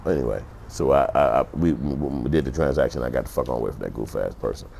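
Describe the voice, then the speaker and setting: A middle-aged vlogger delivers blunt, profane storytelling commentary, acting out other people's voices. His rumbling low voice is fast, creaky, and darkish in tone. There is slight background noise.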